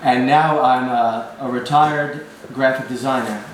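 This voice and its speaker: A man's voice: medium pitch, steady tone, measured pace. Young man with dry teasing humor. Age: young adult. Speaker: guest filmmaker. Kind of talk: casual chat. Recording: echoey room with faint noise.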